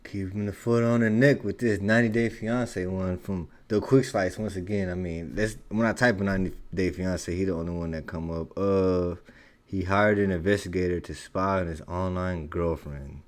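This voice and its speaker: A man with a low, deep voice talks through a reaction video. His delivery is slangy and laid-back, with a dry, wry edge, like someone chatting casually to his viewers. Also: steady tone, moderate pace.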